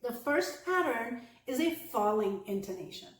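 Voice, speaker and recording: A woman giving an online English pronunciation lesson, speaking clearly and deliberately and slowing down to model example sentences. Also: fairly high pitch, big pitch swings, roomy sound. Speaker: English accent coach.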